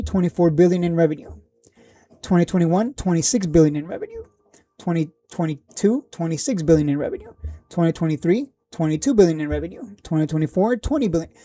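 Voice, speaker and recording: Dude doing a stock livestream, blunt and jokey, mellow dark-ish voice, keeps trailing off. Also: male voice, high voice, dry recording. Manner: blunt, joking, laughs often, trails off and restarts. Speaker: stock market livestream host. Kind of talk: casual livestream chat answering viewers.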